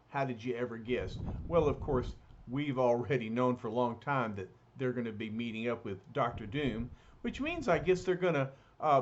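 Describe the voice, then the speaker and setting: A man's voice: medium pitch, lo-fi sound, a little hiss or hum. A man reading a comic aloud to a child, adding explaining asides. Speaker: reader.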